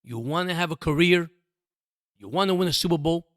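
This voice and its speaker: Animated and fairly quick, a man with a higher, slightly bright voice speaks in a dry, studio-quality recording as a sports podcast host. He talks straight to his audience, calling them "guys," and drives home his passionate commentary by repeating himself emphatically.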